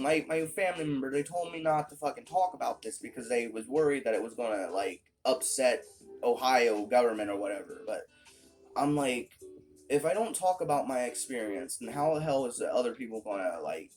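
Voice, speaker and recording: A young man rants to his camera in a loose, casual vlog, swearing at almost every turn and doubling back over his own words. His voice sits at an ordinary pitch for a man, with faint music playing underneath. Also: a little mellow. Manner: frustrated, swears constantly, rambling with restarts. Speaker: vlogger. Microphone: phone or webcam at close range.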